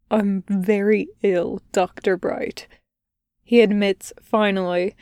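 A woman reading fan fiction aloud as a podfic, in a quiet, measured narration. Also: mid-range voice, gravelly, no room sound, clean studio sound. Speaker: podfic reader.

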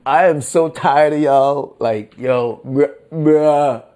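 A man hosting his own podcast, talking casually in slang, exasperated and drawn out, with mocking outbursts. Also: darkish tone. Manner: slangy, exasperated, slow and drawn out with sudden high-pitched mock outbursts. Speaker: podcast host. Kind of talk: casual solo podcast commentary.

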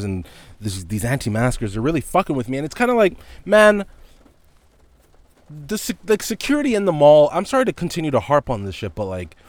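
Profane, animated young man ranting. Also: medium pitch, no echo. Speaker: podcast host. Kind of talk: casual solo rant. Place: indoors with heavy rain outside.

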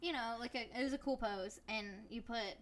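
A woman's voice: a little high, brisk, fairly bright tone. A young woman co-hosting a podcast, joking around casually. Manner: jokey, playful, says dude and y'all. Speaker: podcast co-host. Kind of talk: casual chat.

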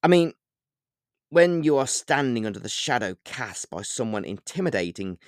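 An audiobook reader voicing a snooty, smug male vampire who was once a butler, with a drawn-out, pitched-up delivery. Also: big pitch swings, no room sound, studio quality. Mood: menacing. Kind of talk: audiobook character voice.

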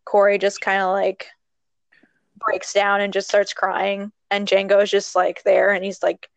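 A young woman casually recapping a movie plot, rambling and expressive, with lots of fillers. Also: medium pitch, unhurried, vocal fry, no echo. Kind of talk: casual chat.

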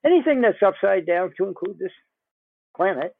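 A man talks at length in a casual podcast chat, often repeating a word several times and laughing between thoughts. His voice sits a little high and comes through a thin, tinny phone line. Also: animated, moderate pace, vocal fry, no room sound. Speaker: podcast host. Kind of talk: casual conversation.

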